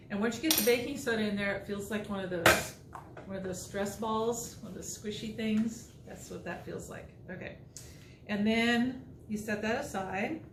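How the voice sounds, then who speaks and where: A woman's voice: mid-range voice, recorded from a distance, noisy background. A woman science teacher talking students through a lab procedure step by step in a casual, instructive way. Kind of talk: recorded remote lesson walkthrough. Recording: echoey room, voice off-mic.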